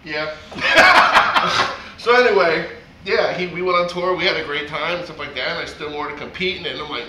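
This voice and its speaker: A man guest DJ telling stories in an animated, profane way, acting out quotes in a casual interview. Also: a little high, normal speed. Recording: echoey room, faint noise.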